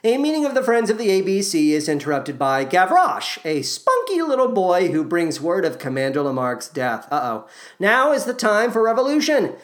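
Female podcast host, lower pitch, sarcastic comic recap, very lively delivery. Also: moderate pace. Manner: sarcastic, irreverent, slips into silly voices. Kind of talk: comedic plot recap.

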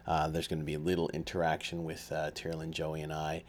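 A man hosting a podcast, opening the episode in a relaxed way with many pauses and fillers. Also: rumbling low, a little hiss or hum. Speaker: podcast host. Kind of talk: podcast intro.

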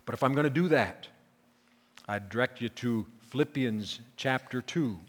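A man preaching a sermon as pastor, repeating key phrases and swinging from quiet explanation to loud, emphatic peaks. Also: mid-range voice, normal speed. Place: church sanctuary. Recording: long reverb of a church hall.

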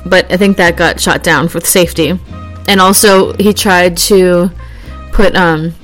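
A woman chats casually to her viewers in a rambling, easygoing way, laughing now and then. She gets animated when she acts out little everyday scenes. Faint music plays softly behind her. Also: mid-range voice. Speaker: vlogger. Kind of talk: casual chat.

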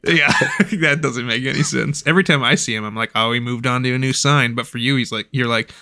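A man's voice: mid-range voice, fairly even intonation, fast talker, sharp tone, smooth. A man co-hosting a podcast in casual chat, teasing and laughing easily. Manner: giggly, teasing. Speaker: podcast co-host.

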